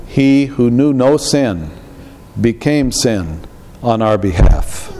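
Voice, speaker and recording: Male pastor, measured sermon delivery, slow, long hall reverb. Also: mid-range voice, darkish tone. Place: church.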